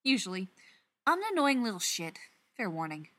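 A woman voicing a chatty, sarcastic young man who talks in quick, rambling outbursts. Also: mid-range voice, very animated, fairly bright tone. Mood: wry.

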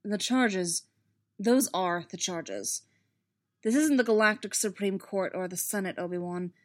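A woman's voice: mid-range voice, a little slow, natural voice. A woman reading aloud, voicing a grim male Jedi knight in a wry, clipped, urgent way. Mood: tense. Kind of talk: fan fiction read aloud.

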